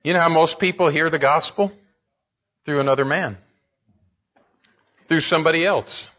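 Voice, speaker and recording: A man preaching with earnest, building emphasis, stumbling and restarting now and then. His voice sits a bit high and sounds bright, and the recording is dull and lo-fi. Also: normal speed. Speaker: pastor. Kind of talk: sermon.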